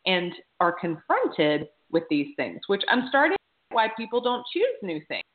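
A woman's voice: lowish voice, big pitch swings, moderate pace. A woman co-hosting a podcast in casual chat, thinking aloud and correcting herself as she goes. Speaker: podcast co-host. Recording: tinny phone-like sound.

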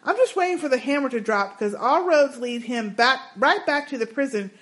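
A woman co-hosting a casual podcast, reading listener emails with sassy, animated asides. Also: sits high, normal speed. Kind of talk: casual chat.

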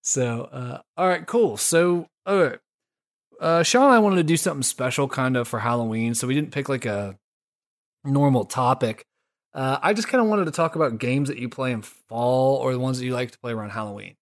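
A man hosting a casual gaming podcast, laid-back and quick to swear, tossing in slang like "dude" and "son". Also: medium pitch, animated. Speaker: podcast host. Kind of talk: casual chat.

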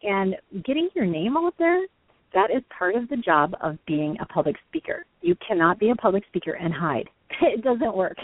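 A woman's voice: mid-range voice, sing-song, moderate pace, dry recording. A woman hosting a speaker-training talk, explaining points with enthusiasm and frequent laughs. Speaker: host. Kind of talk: conversational teaching on a call-in show. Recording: dry tinny phone line.

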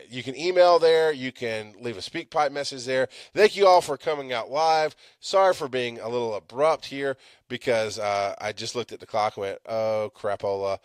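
A middle-aged man hosting a live podcast, ranting with lots of swearing, swinging from loud outbursts to low mutters. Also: smooth, dry recording, clean studio sound. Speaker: podcast host.

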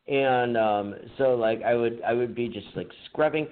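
A man's voice: mid-range voice, normal speed, hardly any pauses. A man co-hosting a podcast, telling a rambling, profane story in casual chat, laughing as he goes. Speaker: podcast co-host. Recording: tinny phone-like line with faint hiss.

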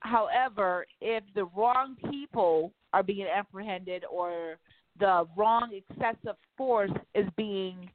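A woman's voice: medium pitch, slow pace, no room sound. Woman talk host, emphatic, casual, cursing freely; dry, tinny phone-quality sound. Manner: animated, emphatic, profane, acts out quotes. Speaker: radio talk show host.

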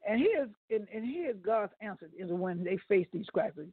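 A man's voice: high voice, sing-song, normal speed, hardly any pauses, slightly rough, no room sound. A man preaches a folksy sermon to radio listeners, tripping over a word here and there as he talks to them directly. He comes through a narrow, phone-like line. The sound is dry, with no room around it. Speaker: guest preacher.

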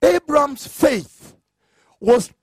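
A man's voice: extremely high pitch, lively intonation, drawn-out words, no room sound. A man preaching a sermon, emphatic, with rhetorical questions and acted-out dialogue.

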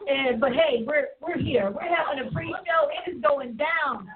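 A woman's voice: high voice, normal speed, narrow, tinny audio, crowd noise. Woman hosting a live church-y show, preachy and laughing, sounds like it's over a phone. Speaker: host. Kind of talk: lively live show chat.

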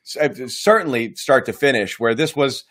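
A man hosting a casual sports talk show, animated and quick to mock. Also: medium pitch. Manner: animated, does mocking quoted voices. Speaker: podcast host.

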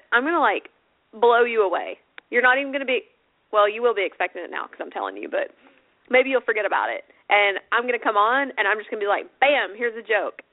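A woman co-hosting a motorcycle radio show, chatting casually and laughing often. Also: fairly high pitch. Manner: giggly and chatty. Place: Sarasota. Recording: phone-like narrow band, dry.

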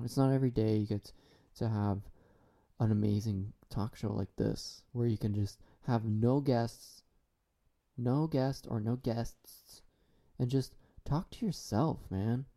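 A man hosting a solo comedy talk show, rambling in a deadpan, absurd way. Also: mid-range voice, gravelly.

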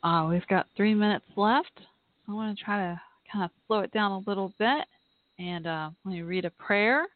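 Woman podcast host, earnest and halting, heartfelt, over a tinny phone line. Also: medium pitch, dry recording. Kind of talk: live podcast talk and reading aloud.

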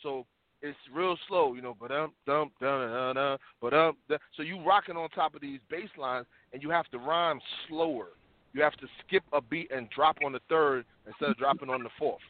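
Animated New man, tinny line. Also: on the high side, moderate pace, no room sound. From New York. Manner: animated storytelling with slang. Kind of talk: casual discussion. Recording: tinny phone-like sound, dry.

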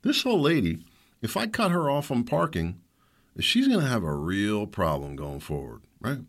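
A middle-aged man rants on his own show, indignant and combative. His fairly low voice swings widely in pitch as he gets worked up. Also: wildly swooping pitch, moderate pace. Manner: heated, indignant, mocks others in put-on voices. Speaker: show host. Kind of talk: ranting monologue.

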